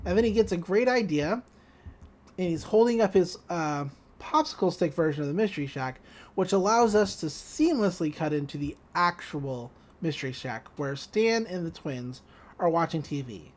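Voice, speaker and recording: A woman co-hosting a podcast, casually recapping a cartoon episode, laughing often and slipping into quick voices for the quotes. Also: fairly low pitch. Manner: giggly, animated retelling with quick voices for quotes. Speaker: podcast co-host.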